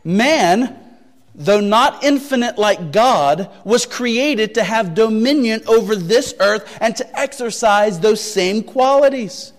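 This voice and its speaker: A man preaching a sermon as pastor, deliberate and emphatic, repeating key phrases and asking searching rhetorical questions. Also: high voice, expressive, long reverb tail.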